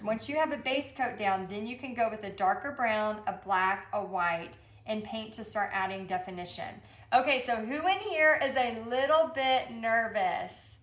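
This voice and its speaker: A woman's voice: a little high, fairly bright tone, reverberant. A woman with a Texan accent teaching a live-streamed painting lesson, chatting and reading viewers' comments aloud. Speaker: paint party instructor.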